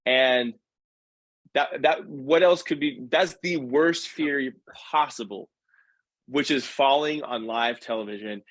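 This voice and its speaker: A man tells stories as a podcast guest, lively and relaxed, restarting phrases as he goes. His voice is in the middle of the male range, and the recording is close and dry. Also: mid-range voice, no room sound. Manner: animated, acts out quoted voices, quick self-corrections. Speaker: guest, professional dancer. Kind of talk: casual storytelling in a podcast conversation.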